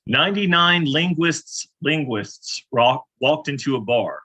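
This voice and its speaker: Male improv player, bright and slightly high, wry deadpan delivery. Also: a little slow, poor audio. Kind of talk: casual joke telling.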